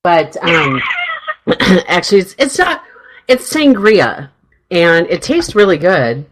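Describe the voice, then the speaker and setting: A middle-aged woman hosts a radio talk show with a low, slightly hoarse voice. She rambles cheerfully, laughing as she goes, in loose casual chat. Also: big pitch swings, slow pace, very noisy. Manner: chatty, rambling, laughs often. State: throat tickle, slightly hoarse.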